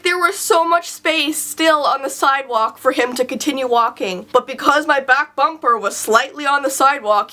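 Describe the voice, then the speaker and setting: A young woman vlogging with a high, bright, sharp-edged voice. She tells stories in an animated, exclamatory way and rambles with plenty of fillers. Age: young adult. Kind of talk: casual storytelling vlog.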